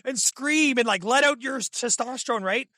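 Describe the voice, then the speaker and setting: A young man telling hunting stories as a podcast guest, in an excitable, animated way full of fillers. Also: very high voice, normal speed, no echo. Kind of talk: casual storytelling.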